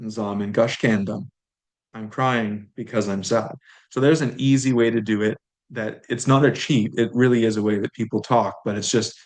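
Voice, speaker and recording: Here a man's lowish voice guides listeners through a recorded language lesson. His grammar explanations are relaxed, and he repeats words slowly for learners.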